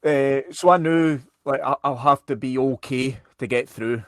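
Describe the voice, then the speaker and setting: A man's voice: mid-range voice, a little slow, fairly bright tone, no echo. Hesitant Scottish man, dry sound. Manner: hesitant, repeats words when starting. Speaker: podcast co-host. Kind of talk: casual chat.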